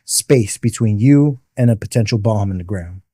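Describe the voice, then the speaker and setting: A man's voice: on the low side, moderate pace, warm tone, no echo, clean studio sound. A man, a podcast guest and military veteran, telling a personal story in vivid detail and patiently explaining military terms. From the Bronx, New York.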